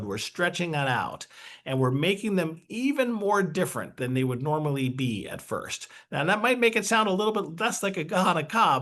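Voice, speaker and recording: A man's voice: fairly high pitch, fairly bright tone. A man presenting a webinar, explaining a brain training exercise in a chatty, upbeat way.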